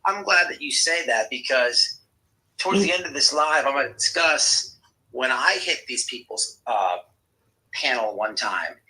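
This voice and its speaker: A man hosting a live stream, talking casually in an animated, profane, ranting way. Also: medium pitch, low-quality recording. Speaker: livestream host.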